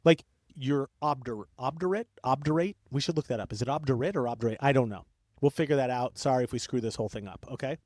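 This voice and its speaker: A young man co-hosting a podcast, telling a history story in an excitable, rambling way that keeps breaking off and jumping between tangents. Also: mid-range voice, fast, no echo, clean studio sound. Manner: excitable, rambling, self-interrupting. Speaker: podcast co-host. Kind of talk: casual storytelling chat.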